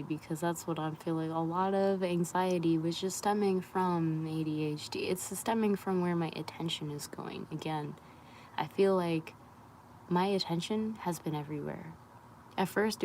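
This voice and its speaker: Young woman, spiritual wellness creator; soft, breathy half-whisper, rambling candid delivery, lowish voice. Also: a little hiss or hum, poor audio. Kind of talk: candid live-stream talk.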